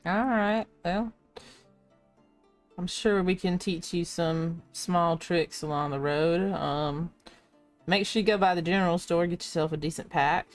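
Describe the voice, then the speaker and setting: A woman's voice: fairly low pitch, unhurried, soft background music. A woman playing a character in a tabletop game, talking casually and hesitantly. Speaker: player. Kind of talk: in-character tabletop role-play.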